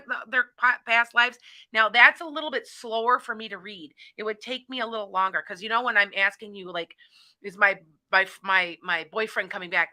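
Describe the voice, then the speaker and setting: A woman's voice: fairly high pitch, bright, forceful tone. A middle-aged woman hosting a call-in talk show, chatting in a rambling way and often restarting her sentences. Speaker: psychic radio show host. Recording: internet radio show.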